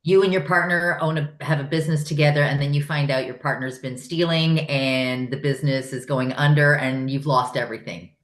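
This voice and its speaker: Low-voiced woman in an echoey room. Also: fairly even intonation, brisk, few pauses. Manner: thinking aloud, searching for words. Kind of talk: casual chat.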